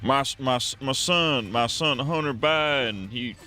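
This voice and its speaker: A man's voice: mid-range voice, sharp tone, soft background music. A man putting on the voice of a rambling, confused old male politician who stutters and restarts every phrase. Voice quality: stuttering, endless halting restarts.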